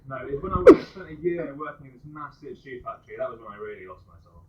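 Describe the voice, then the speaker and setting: Fast, lively stand-up comic man. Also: mid-range voice, gravelly, lo-fi sound. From West Midlands, England. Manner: rapid-fire pun one-liners. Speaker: stand-up comedian. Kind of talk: stand-up comedy set. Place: pub comedy night.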